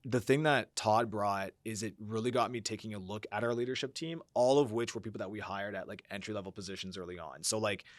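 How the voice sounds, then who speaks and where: A company founder appears as a podcast guest in a reflective conversational interview, talking at length with many fillers and acting out his own quoted thoughts. His voice is fairly low, a little fast with hardly any pauses, on a dry recording.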